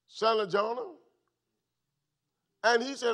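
A man pastor teaching a midweek Bible study, an animated preaching manner that swings from loud bursts to low asides. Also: unhurried, gravelly, pauses often.

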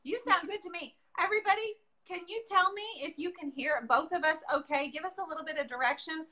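A woman's voice: extremely high pitch, quick pace, bright, forceful tone. A woman hosting a casual craft livestream, chatty and upbeat, talking straight to her viewers over a video call. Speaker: host of a painting livestream.

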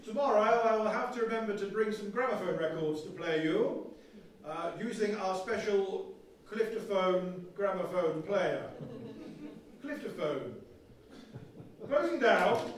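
Guy doing a fussy stuck-up 1920s radio announcer, kinda high voice, echoey hall from far off. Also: animated, a little slow, a little hiss or hum. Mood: proud. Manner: pompous, formal announcing. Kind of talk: comic one-man stage play.

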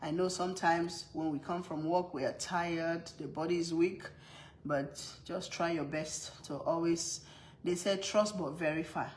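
A woman's voice: fairly low pitch, steady tone, unhurried, darkish tone, slight background noise, rough recording. A mother with a strong accent chatting casually on a live stream, laughing often and greeting viewers by name. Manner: strong non-native accent.

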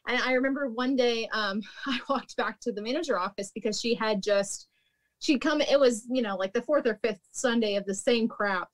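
A woman's voice: a little high, moderate pace. A woman, a former restaurant manager, telling stories in a casual, chatty way, full of "like" and laughter. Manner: chatty, peppered with "like", laughs often. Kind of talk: casual storytelling chat.

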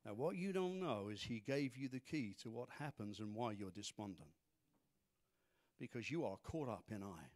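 A man preaching a sermon, acting out scripture figures with humor and animated emphasis. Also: lowish voice, moderate pace. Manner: animated, acts out Bible characters, laughs at own jokes. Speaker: pastor.

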